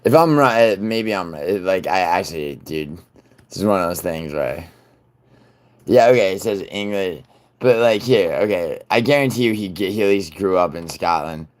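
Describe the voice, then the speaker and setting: A man hosting a livestream, chatting casually and profanely with viewers, rambling and then turning loud and insistent. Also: low-pitched, expressive, normal speed. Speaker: livestream host.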